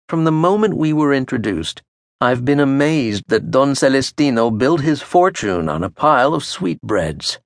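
A man narrating an audiobook in the first person with a wry, measured storytelling manner. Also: mid-range voice, dry recording. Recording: dry studio audio.

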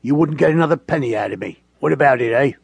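A man's voice: mid-range voice, animated, fast, gravelly, slightly rough, no room sound. A male narrator playing a silent, surly man who haggles curtly over a dog. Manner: curt, unsympathetic.

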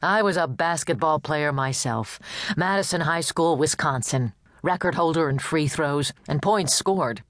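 A man's voice: on the high side, unhurried, fairly bright tone, no echo. A woman voicing a short, pushy male police chief who talks bluntly and bossily. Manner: blunt, brusque, bossy.

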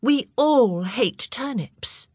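A woman's voice: fairly high pitch, animated, very slow, darkish tone, husky, dry recording, clean studio sound, pitched above the performer's own voice, exaggerated voice. A woman voicing a practical, helpful young girl in an audiobook. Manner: helpful, matter-of-fact. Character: practical young sister, helpful and matter-of-fact.

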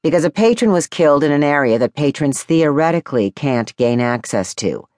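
A woman's voice: deep voice, expressive, brisk, darkish tone, no room sound, clean studio sound. A woman voicing a terse male detective. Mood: matter-of-fact. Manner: terse, matter-of-fact. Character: blunt, reserved male detective investigating a murder. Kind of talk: audiobook character voice.

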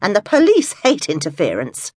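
A woman's voice: medium pitch, wildly swooping pitch, moderate pace, husky, no room sound, pitched above the performer's own voice. A woman voicing a wry, reluctant middle-aged amateur sleuth, dry and firm, for an audiobook. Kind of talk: audiobook dialogue.

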